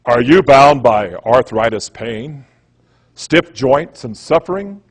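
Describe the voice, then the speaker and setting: A man's voice: a little high, husky. A man giving a presentation in a rambling, emphatic storytelling manner. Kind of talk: conspiracy lecture talk.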